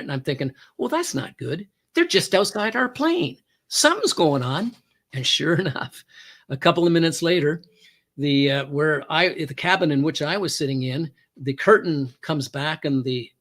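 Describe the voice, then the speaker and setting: A former Canadian police hostage negotiator, appearing as a male guest on a talk show, tells an anecdote in a slightly high, fairly bright voice. His storytelling has emphatic rises and hesitant fillers.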